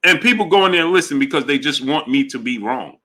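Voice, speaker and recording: A man's voice: medium pitch, fast. Emphatic man hosting a boxing livestream. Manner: animated, emphatic, repeats himself. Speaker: boxing show host. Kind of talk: casual livestream talk, reading chat.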